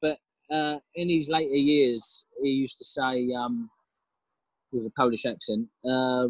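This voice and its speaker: A man's voice: a little high, unhurried, no room sound, rough recording. A man, a father, talking reflectively as a podcast guest, with laughs and hesitant restarts. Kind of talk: casual interview chat.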